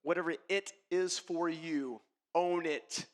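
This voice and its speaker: A man's voice: fairly high pitch, steady tone, takes it slowly. A man giving a motivational keynote, telling a personal story emphatically and speaking straight to the audience. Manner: emphatic, addresses the audience directly. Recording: long reverb of a large hall.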